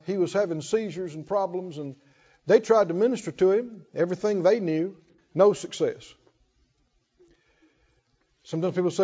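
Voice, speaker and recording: A man's voice: high-pitched, normal speed, pauses often, warm tone. A man preaching a sermon in a folksy way, calling out to the congregation. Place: church hall. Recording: muffled hall reverb.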